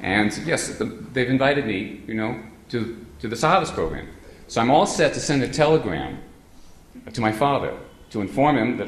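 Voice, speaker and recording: A man's voice: medium pitch, lively intonation, moderate pace. A man speaking to a live audience, telling humorous stories in a rambling way with frequent hesitant fillers. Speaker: guest speaker. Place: meeting hall with an audience. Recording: roomy hall sound with faint ambience.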